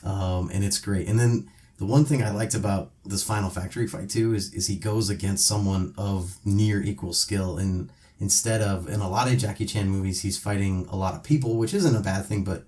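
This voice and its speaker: A man's voice: low voice, moderate pace. A man co-hosting a casual podcast, talking through movie scenes with lots of fillers. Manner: animated retelling, many fillers. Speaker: podcast co-host. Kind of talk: casual chat.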